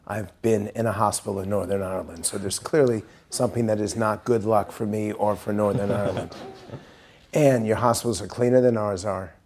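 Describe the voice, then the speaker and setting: A middle-aged American man giving a speech to a university audience, telling a story in an earnest way and dropping quiet and grave at serious points. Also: fairly low pitch, a little hiss or hum. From United States. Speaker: pollster giving a talk.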